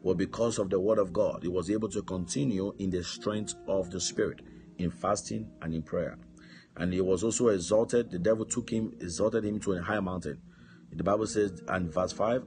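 A man's voice: low voice, fairly even intonation, normal speed, darkish tone, faint music behind. A male pastor preaching a sermon with fervor, punctuating his points with amen and hallelujah.

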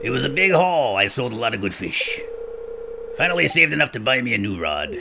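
A man's voice: mid-range voice, very animated, brisk, creaky, noisy background. Willy, a man doing a salty old fisherman. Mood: folksy, hearty. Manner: salty sailor talk with a folksy drawl. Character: weathered old male fisherman, folksy and friendly.

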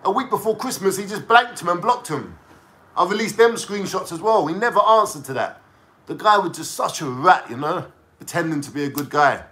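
A man's voice: high voice, animated, brisk, sharp tone. Mocking, slangy London man. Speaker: vlogger. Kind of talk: casual ranting to camera.

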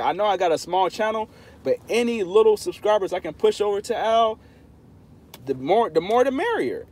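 Speaking straight to the people in his live chat, this man runs a laid-back livestream. His voice sits high with a dark tone, and he comes across as playful yet insistent.

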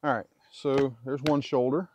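Speaking at a moderate pace with little pitch movement, a homesteader's mid-range, slightly mellow voice comes through over slight background noise. While butchering, he offers relaxed how-to commentary that rambles, self-corrects, and wanders into asides.

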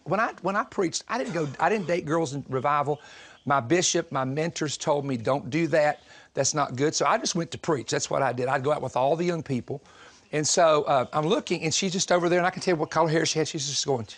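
Animated man preaching a humorous sermon. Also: on the high side, fairly quick. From Southern United States. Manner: animated, humorous storytelling with frequent laughter.

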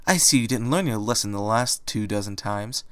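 A man voicing a paranoid, excitable female pony market vendor in a fan audiobook reading, speaking in a suspicious, shrill way. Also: moderate pace, smooth, no room sound, natural voice.

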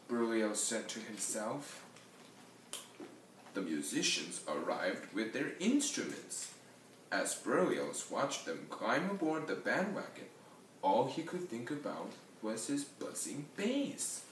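A man reading a picture book aloud in a lively storybook manner, adding sound effects. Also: mid-range voice, takes it slowly, a little hiss or hum. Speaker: reader. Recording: echoey room, mic far off.

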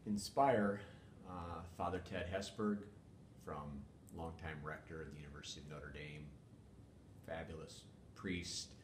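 An older man, a former police chief, talking in a measured, wordy way with many fillers as an interview guest. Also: fairly even intonation. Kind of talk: casual interview talk. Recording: echoey room with faint rumble.

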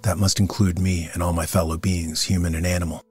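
A man reading the part of a serene, beardless male saint in an audiobook, speaking in a calm, unhurried, reverent way. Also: deep voice, breathy edge, faint music behind.

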